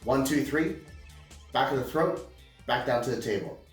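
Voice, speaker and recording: A man's voice: medium pitch, moderate pace, recorded from a distance. A man hosting a casual beer-review show, talking in a goofy, rambling way. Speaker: podcast host. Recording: roomy, off-mic, faint music.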